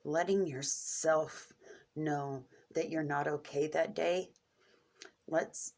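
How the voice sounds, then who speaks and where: Slow, low-voiced woman speaking candidly. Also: steady tone, darkish tone. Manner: earnest and openly emotional, speaks in short halting phrases. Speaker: vlogger sharing coping skills. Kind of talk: candid personal talk to camera.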